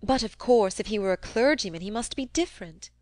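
A woman's voice: mid-range voice, animated, fairly quick, a little mellow, dry recording, natural voice. Woman playing a mild, reproachful young lady in a storybook reading, lifted and prim.

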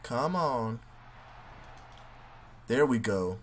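A man commentating his own wrestling game run, swinging between yelling, cursing at opponents and mock ring-announcer boasts. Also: medium pitch, expressive, extremely slow, slight background noise. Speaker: gaming video host. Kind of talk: live gameplay commentary.

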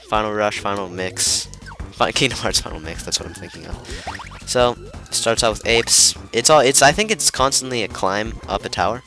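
A man's voice: on the low side, pushed and bright. A young man giving rambling, flustered commentary while playing a video game, full of fillers and restarts. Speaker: let's player. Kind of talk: gameplay commentary.

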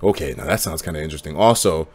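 A young man streaming live, telling a story in casual chat. He swears freely and swings from low mutters to loud bursts. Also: expressive, very fast, a crowd in the background.

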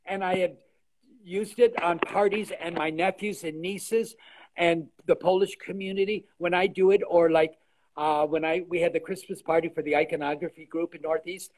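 An older man in his sixties talks with a fairly high voice over a video call. He is a guest telling stories in an animated, casual way, often trailing off and restarting mid-sentence. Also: low-quality recording. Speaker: guest artisan. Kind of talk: casual interview chat.

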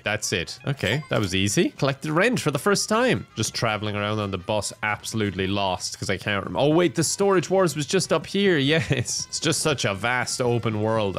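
A man's voice: mid-range voice, fairly bright tone. A young man giving sarcastic, joking commentary while playing a video game, laughing often. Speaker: gaming YouTuber. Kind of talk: casual gameplay commentary.

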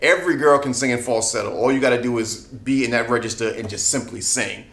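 A man's voice: mid-range voice, fast, fairly bright tone. A man giving a casual singing lesson, chatting with easy laughs and often asking "you know what I mean?". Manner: laughs between points. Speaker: singing teacher. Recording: echoey room.

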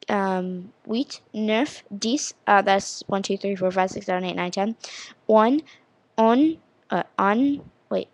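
A woman's voice: mid-range voice, moderate pace, no echo. A young woman in her teens, casually vlogging, rambling and self-deprecating as she practices counting and saying words. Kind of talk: casual vlog chat.

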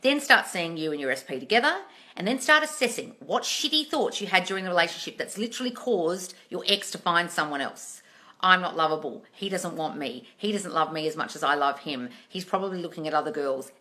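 A woman's voice: lowish voice, bright, forceful tone. A woman coaching on a live stream, answering viewer questions in a blunt, scolding way with plenty of swearing and sarcastic asides. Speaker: manifesting coach.

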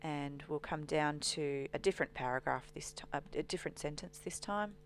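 A woman walking through a software demonstration as a trainer, explaining steadily with frequent ums. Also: low-pitched, a little fast, a little hiss or hum.

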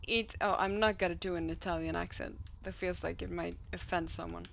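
A woman's voice: fairly low pitch, fairly even intonation, moderate pace, gravelly, fairly bright tone, lo-fi sound. A woman streamer chatting casually over gameplay, swearing and laughing often. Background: faint game music.

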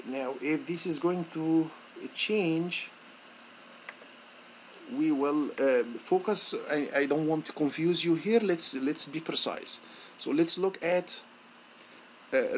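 A male instructor walking students through a software lab on screen, halting and encouraging, with many fillers and restarts. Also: a little high, slight background noise. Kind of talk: screen-recorded software tutorial.

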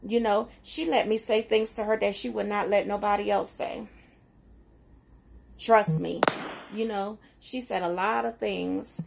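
A woman's voice: medium pitch, fairly even intonation, a little slow, creaky, slight background noise. A woman talking in a casual, reflective personal vlog, conversational and emotional, with frequent fillers. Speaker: vlogger.

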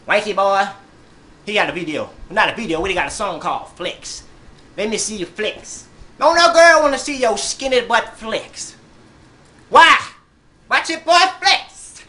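Loud teasing man ranting for laughs; animated, bright and sharp delivery. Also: sits high. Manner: boisterous, teasing, swings between loud and mumbled. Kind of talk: comic rant to camera.

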